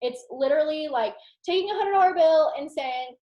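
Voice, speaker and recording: A young woman giving a casual, rambling motivational talk to her team on a video call, animated and full of "like". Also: high voice, a little fast, few pauses, lo-fi sound. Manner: animated, rambling, heavy use of "like". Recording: roomy echo.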